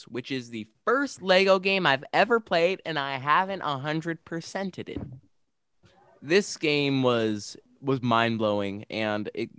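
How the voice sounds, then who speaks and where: A man's voice: medium pitch, fairly bright tone, clean tone, no echo. Young man rambling about games, dry mic. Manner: rambling, enthusiastic, many restarts. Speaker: podcast co-host. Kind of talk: casual podcast chat about games.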